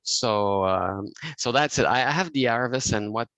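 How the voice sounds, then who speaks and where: A man's voice: mid-range voice, moderate pace, fairly bright tone, no room sound, rough recording. A man from Quebec with a French Canadian accent, a native French speaker, hesitantly sharing his card reading on a video call. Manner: hesitant, with many fillers and restarts.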